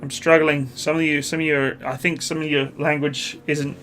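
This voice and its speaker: A man's voice: fairly high pitch, normal speed. Chatty Canadian man on a live stream. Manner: relaxed, chatty, hesitant with many uhs. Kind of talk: casual live chat reading questions.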